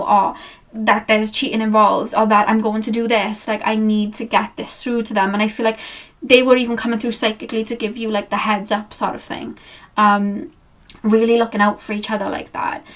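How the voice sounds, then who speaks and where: A woman giving a pick-a-card tarot reading, talking to the viewer in a rambling, earnest, gently reassuring way. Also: a little high, level tone, normal speed. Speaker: tarot reader and channeler.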